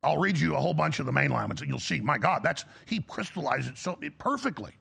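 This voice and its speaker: Gravelly, raspy political commentator. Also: male voice, a little high, expressive, fast, a bit bright. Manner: emphatic, heated, frequent restarts. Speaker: political talk show host.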